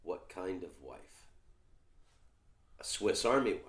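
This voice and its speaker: A male comedian hosting a podcast, chatting casually in a rambling, halting way. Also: deep voice, very animated. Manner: rambling, halting, many fillers. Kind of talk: casual chat. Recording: echoey room.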